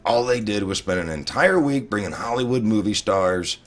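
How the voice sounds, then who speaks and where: A man's voice: fairly low pitch, lively intonation, moderate pace. A man co-hosting a casual political talk show, speaking in a heated way and stammering when worked up.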